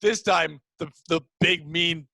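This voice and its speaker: A man hosting a casual comedy podcast, riffing excitably on a movie idea and bursting into shouted bits. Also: on the high side, slow pace, gravelly, no room sound, poor audio. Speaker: podcast host.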